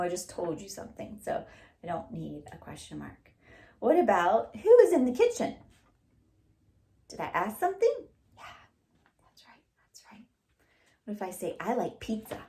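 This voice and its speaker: Encouraging woman teacher, lively voice. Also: medium pitch. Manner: encouraging, asks questions and praises; reads slowly and clearly aloud. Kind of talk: early-grade writing lesson.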